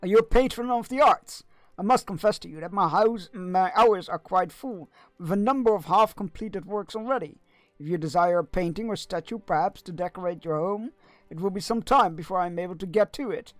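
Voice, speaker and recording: A man's voice: high voice, fairly quick, no echo, close to an everyday voice. A man reading out the lines of a busy, aloof dwarf artist in a formal tone. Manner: formal, reading game quest text aloud.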